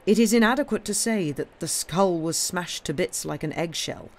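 A careful, formal country doctor speaks gravely and a touch nervously. A woman voices him as she reads a story aloud. The delivery is precise. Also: fairly low pitch, lively intonation, normal speed, darkish tone. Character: tall, nervous bearded village doctor, a man.

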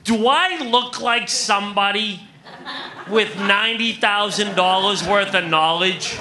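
High-voiced man doing stand-up. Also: unhurried, heavy background noise. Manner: punchy joke delivery, addressing the crowd as folks. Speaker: stand-up comedian. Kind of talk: stand-up comedy set. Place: comedy club stage.

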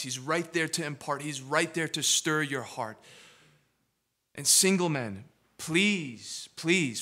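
A male pastor preaching a sermon in a church, moving from hushed asides to loud, emphatic build-ups. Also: medium pitch. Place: church sanctuary.

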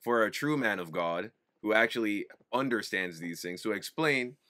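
A man's voice: on the low side, expressive, moderate pace, sharp tone, no room sound, studio quality. A man co-hosting a reaction show, questioning a clip in a mocking, incredulous way. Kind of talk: reaction commentary.

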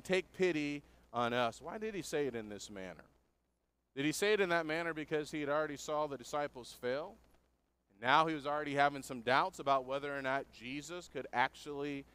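A man's voice: fairly high pitch, a bit bright, clear, resonant tone. A man preaching a sermon, working through a passage verse by verse in an earnest, explanatory way and putting questions to his listeners.

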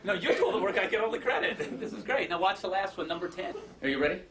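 A man's voice: sits high, animated, quick pace. A man doing comic magic patter on stage, joking and chatting with the audience in self-mocking asides. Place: stage before a live audience. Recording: distant mic, loud crowd and noise. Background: loud audience noise.

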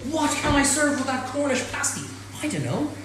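A man with an Irish accent hosting a live cook-along in a home kitchen, chatty and excitable, full of exclamations. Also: extremely high pitch, normal speed. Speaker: chef host. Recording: very echoey room, faint noise.

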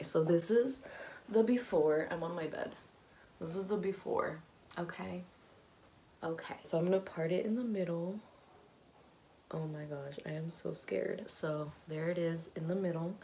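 A woman's voice: fairly low pitch, darkish tone, a little hiss or hum. A young woman vlogging from her bedroom, talking nervously and giggling between gasping exclamations. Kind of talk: casual vlog chat. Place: bedroom at home.

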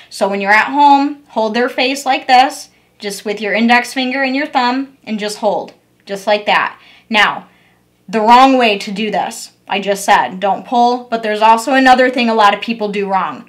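A woman's voice: a little high, a bit bright. A young woman, a dog groomer, giving a patient step-by-step demo on handling a puppy. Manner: patient, repetitive coaching tone. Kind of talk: instructional demo.

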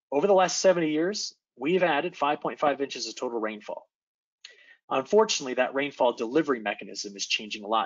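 A man, an atmospheric scientist, giving an animated forecast presentation in a virtual meeting, often checking in with his audience. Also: medium pitch, lo-fi sound. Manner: animated, engaging, addresses audience with quick checks. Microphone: video call.

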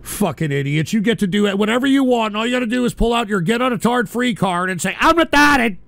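A man hosting a radio show, ranting profanely and swinging between exasperated shouting and weary mumbling. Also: high voice, lively intonation, quick pace, gravelly, no room sound. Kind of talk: profane on-air rant.

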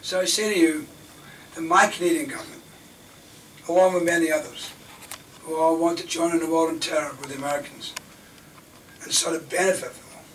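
An older man from Scotland gives an impassioned lecture as a defence lawyer. He talks rhetorically, rising to loud emphasis and dropping to near-whispers. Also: a little high, steady tone, fairly quick, long pauses. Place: university lecture hall. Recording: distant mic in a lecture hall, faint room noise.

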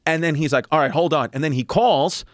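A man in his thirties, a comedian and podcast guest, telling a story in casual chat, animated and profane, acting out other people's lines as he goes. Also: on the high side, fairly quick, dry recording, clean studio sound. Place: podcast studio.

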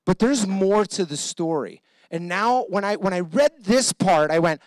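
A male pastor preaching an energetic sermon, calling on the congregation to repeat lines back to him. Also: sits high, moderate pace, hardly any pauses, no room sound. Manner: animated, energetic preaching with call-and-response.

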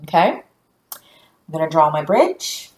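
A woman teaching a recorded phonics lesson to young children, speaking slowly and clearly and praising answers. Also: low-pitched, very animated, a little mellow, roomy sound.

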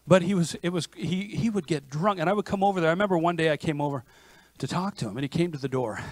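A man preaching a sermon as pastor, in a lively conversational manner with frequent restarts. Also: on the high side, fast talker, no echo. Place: church sanctuary.

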